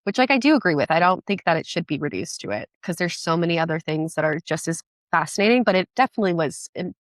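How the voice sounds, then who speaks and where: A woman chatting as a podcast guest, enthusiastic and quick, with many restarts. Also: on the low side, very animated, no echo. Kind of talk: casual podcast chat.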